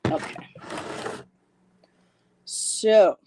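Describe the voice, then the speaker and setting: A woman's voice: extremely slow, dark tone. A woman hosting a live stream, chatting casually as she gives card readings and answers her chat. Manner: chatty, reassuring, reads chat comments aloud, laughs often. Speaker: tarot reader and live-stream host.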